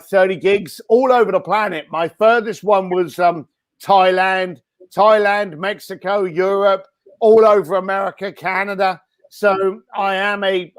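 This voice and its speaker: A man answering interview questions over a video call in a blunt, energetic way, with many fillers and restarts, his voice a little hoarse. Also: sits high. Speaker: guest speaker and entrepreneur.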